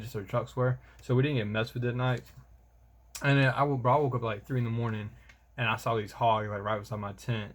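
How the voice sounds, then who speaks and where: A young man, telling a rambling, slangy vlog story about army training and calling the listener bro. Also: mid-range voice. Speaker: soldier vlogger.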